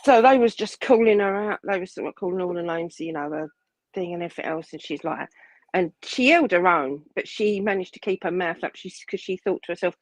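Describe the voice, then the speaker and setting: Rambling woman, lowish voice. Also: animated, a little fast, dry recording, low-quality recording. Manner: rambling, restarts often, acts out quoted dialogue. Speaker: guest telling a personal story. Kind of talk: casual chat.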